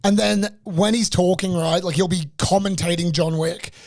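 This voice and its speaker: A man's voice: high voice, normal speed, no echo, studio quality. A young man, ranting through a funny story on a casual podcast, swearing constantly. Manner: animated, profane ranting storyteller. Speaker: podcast co-host.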